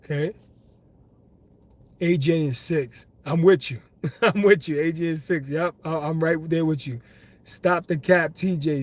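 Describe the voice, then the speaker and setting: A young man from Brooklyn, hosting a casual live stream, chatting with viewers, slangy and quick to laugh. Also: on the high side. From Brooklyn, New York. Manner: excitable, laughs often, slangy, talks to chat. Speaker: livestream host. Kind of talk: casual live stream chat, reading comments.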